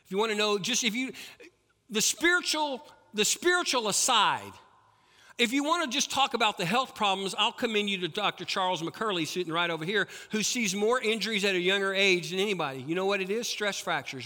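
A male pastor preaches in a high, bright, forceful and expressive voice at normal speed. He swings between loud, emphatic peaks and hushed, low passages, while a large church hall adds a long reverb.

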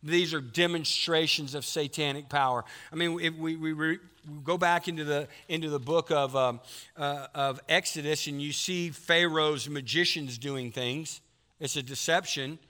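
Folksy pastor, fairly high voice, preaching in a big echoing sanctuary. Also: male voice, steady tone, moderate pace, bright, forceful tone. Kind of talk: sermon. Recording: long hall reverb.

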